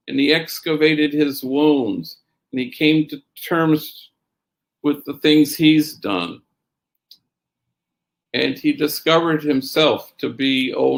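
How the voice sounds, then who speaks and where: Man, middle-aged, gravelly voice, storytelling talk, Spanish slang in the mix. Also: medium pitch. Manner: tells stories with Spanish slang phrases mixed in; quotes others in a raised, lively voice. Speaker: priest and speaker.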